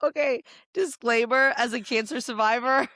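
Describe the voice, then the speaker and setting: A woman's voice: on the high side, normal speed, dry recording, studio quality. A woman co-hosting a casual comedy film review podcast, swearing freely and laughing as she tells the story. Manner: profane, laughing, animated storytelling. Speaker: podcast co-host.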